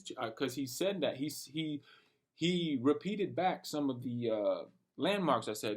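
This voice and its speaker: A young man telling a rambling, animated story about his night, full of slang and cursing. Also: medium pitch, a little slow. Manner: rambling and animated, talking to himself with lots of slang and profanity. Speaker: vlogger. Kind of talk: late-night personal rant.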